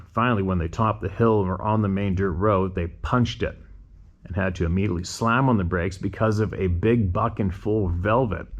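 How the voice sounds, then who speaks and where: Man, deep low voice, host, reads listener emails aloud, casual asides, rhetorical questions. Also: muffled recording. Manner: conversational, musing rhetorical questions between readings.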